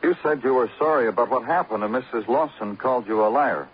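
An actor playing a shrewd detective who lays out a case in a calm, clipped, methodical way in an old radio drama. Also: male voice, mid-range voice, fast talker, a little hiss or hum, close to an everyday voice. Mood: firm. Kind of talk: 1940s radio acting. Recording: muffled old radio broadcast.

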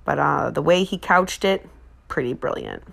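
A woman's voice: sits low, sing-song, normal speed, vocal fry. A woman, chatting on her podcast in a rambling way, full of fillers and self-corrections. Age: 40s. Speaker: podcast host. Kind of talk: casual chat.

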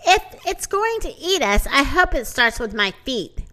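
Woman reading as a wheezy tired cow, grumbly, bright lively voice. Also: high-pitched, a little slow, heavily acted. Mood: grumbling.

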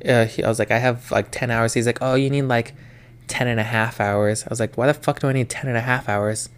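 Smooth-voiced young man telling stories. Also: mid-range voice, fairly even intonation, a little fast. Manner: storytelling with profanity, acting out work arguments. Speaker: podcast co-host. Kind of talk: casual chat.

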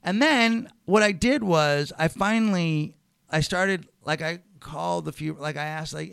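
A middle-aged man, a comedian guest, telling a rambling, animated story in casual chat and swearing freely. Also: on the high side, measured pace, vocal fry, clear, resonant tone, dry recording.

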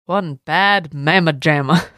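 Low-voiced jokey woman podcast host. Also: slow pace, fairly bright tone, faint music behind. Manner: irreverent, jokey, swearing asides. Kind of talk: comedic history storytelling.

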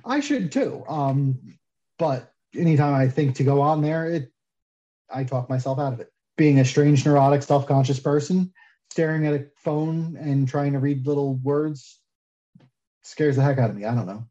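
A man's voice: fairly high pitch, normal speed. Opinionated man on a muffled line. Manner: self-deprecating, opinionated, lively when arguing. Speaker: guest soap maker. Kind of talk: casual podcast interview.

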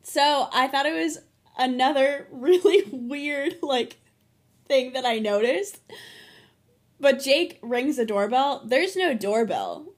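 A woman's voice: high voice, animated, slow pace. A young woman co-hosting a casual rewatch podcast, playful and giggly, often breaking into laughter. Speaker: podcast co-host.

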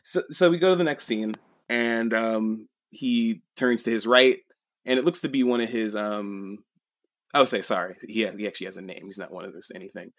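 Low-voiced man rambling through a story. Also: normal speed, fairly bright tone, no room sound. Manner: rambling, with many fillers and swearing. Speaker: podcast co-host. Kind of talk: casual chat, retelling a manga chapter.

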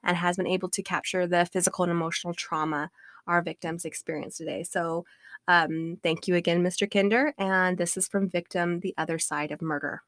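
A woman co-hosting a podcast, calmly reading a true-crime book excerpt aloud on a close studio mic. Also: lowish voice, brisk, no echo. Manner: calm, even narration. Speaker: podcast co-host.

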